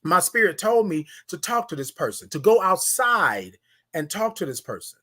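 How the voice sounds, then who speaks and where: Very animated and sharp-toned, this high-voiced man talks at a moderate pace while hosting a morning show. He preaches motivation in slangy, informal hype, addresses listeners by name, and leans on repeated phrases.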